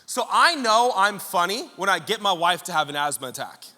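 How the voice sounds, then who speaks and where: High, bright-voiced joking preacher man. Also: sing-song, brisk. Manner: joking, storytelling preacher addressing congregation. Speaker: pastor. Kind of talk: sermon. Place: church service hall with congregation. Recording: long hall reverb.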